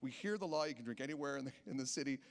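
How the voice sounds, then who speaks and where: On a casino stage, a stand-up comedian from Canada, a man in his thirties, tells stories chattily and acts out the people he quotes. He speaks rapid-fire in a mid-range voice, with a long reverb tail.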